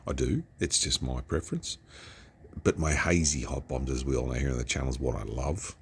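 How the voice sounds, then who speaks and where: A man's voice: rumbling low, brisk, creaky, a little hiss or hum. An Australian man chatting casually through a beer review, rambling along and now and then dropping to a whisper.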